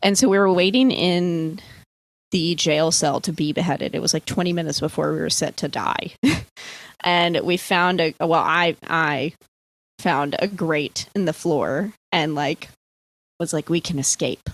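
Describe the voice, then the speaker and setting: A woman's voice: low-pitched, steady tone, measured pace. A young woman from the East Coast telling a dream story in casual podcast chat, full of "like" and freely swearing. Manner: rambling, filler-heavy, swears freely. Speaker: podcast guest.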